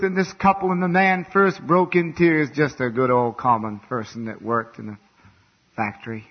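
A male preacher delivering a revival sermon, swinging from hushed, quiet lines to loud, fervent outbursts. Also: medium pitch, expressive, moderate pace. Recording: dull lo-fi recording.

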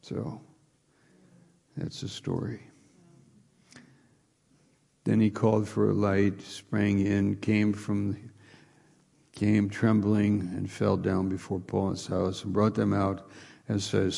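A man delivers a sermon in a husky, low voice, with frequent restarts as he retells a scripture passage. His delivery is slow and unhurried, with a gravelly edge. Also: completely flat delivery, warm tone. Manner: rambling, restarts, reads scripture aloud. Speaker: preacher.

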